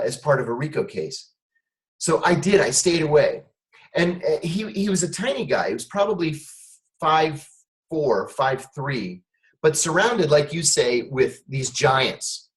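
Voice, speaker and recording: The audio is poor, and the man's voice sits a little high. He's a guest being interviewed, an ex-intelligence officer telling an extended personal story with animation and voicing the people in it himself.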